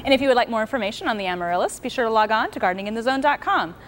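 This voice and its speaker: Fast-talking woman hosting a garden show, kinda high voice, likes a pun. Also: lively intonation. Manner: brisk, playful with puns. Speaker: host. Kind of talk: TV gardening segment interview.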